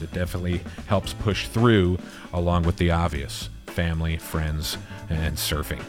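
Earnest man hosting a podcast. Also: on the low side. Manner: earnest, affectionate, rambling with fillers. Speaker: podcast host. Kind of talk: casual chat.

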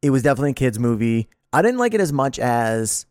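A man co-hosting a podcast, chatting loosely with a mid-pitched voice. He rambles and restarts his sentences, laughs easily, and lets a swear slip. The sound is dry and close, with no room echo. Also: sing-song, quick pace, a little mellow. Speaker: podcast co-host. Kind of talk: casual chat.

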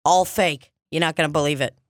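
Casting: a woman doing a low-voiced, brassy psychic with a Long Island accent, bossy and rambling, comedy bit, dry mic. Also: fairly even intonation, fairly quick, dry recording, lightly acted. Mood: brash. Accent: Long Island, put on. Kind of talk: improvised comedy sketch.

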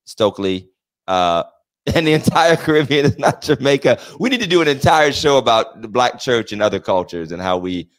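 A man co-hosting a casual podcast conversation, joking and animated, often breaking into laughter. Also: medium pitch, normal speed. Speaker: podcast co-host. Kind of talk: casual chat.

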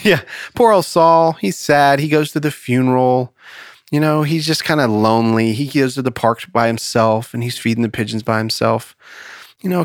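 A man's voice: medium pitch, no echo, studio quality. Easygoing man hosting a Bible study chat. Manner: easygoing, rambling storyteller. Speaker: podcast host leading a Bible study. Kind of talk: casual chat and joke telling.

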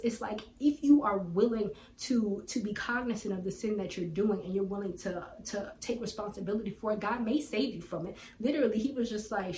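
A woman teaches from scripture in an earnest, colloquial, conversational way, with a voice of ordinary middle pitch. Her voice sits back from the microphone in a roomy, echoing space. A faint hum runs underneath. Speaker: Bible teacher. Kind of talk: casual Bible teaching with personal story. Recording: roomy echo, distant from mic, faint background hum.

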